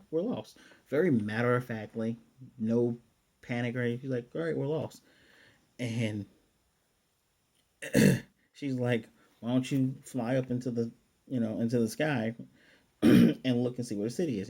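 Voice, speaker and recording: A man's voice: mid-range voice, mellow. A man casually recapping an anime episode, retelling scenes in paraphrased dialogue with chatty, self-correcting asides. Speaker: anime reviewer.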